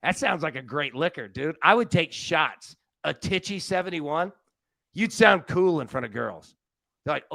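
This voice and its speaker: A high-voiced man hosts a sports betting show with energetic, rambling banter. He jokes constantly as he runs through his picks. The sound is dry and close. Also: measured pace, gravelly, no echo. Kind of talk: casual sports betting chat.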